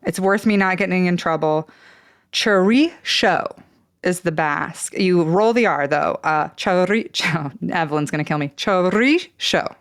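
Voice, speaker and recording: A woman's voice: fairly low pitch, fairly quick, few pauses, clean tone, no echo, studio quality. A woman hosting a casual local news podcast, joking and self-mocking, laughing often as she talks. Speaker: podcast host.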